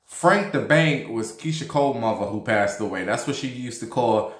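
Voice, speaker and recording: A man in his thirties hosts a vlog in a mid-range, animated voice at a moderate pace, recorded in an echoey room. He tells a story and gossips in a loose, chatty way, swearing freely and using lots of fillers.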